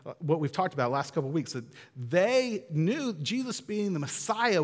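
A man preaching a sermon in a casual, animated way, acting out the quotes he tells. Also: sits high, long reverb tail. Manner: conversational, animated, acts out quotes. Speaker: pastor.

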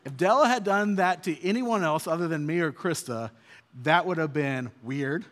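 A man's voice: fairly high pitch, normal speed, fairly bright tone. A man in his thirties preaching an earnest, conversational sermon as a pastor. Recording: long hall reverb.

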